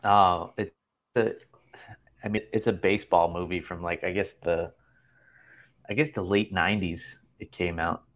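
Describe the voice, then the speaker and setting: A man's voice: sits low, fairly even intonation, measured pace, long pauses. A man in his thirties hosting a casual chat show from a hotel room, rambling and laughing often. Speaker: podcast host.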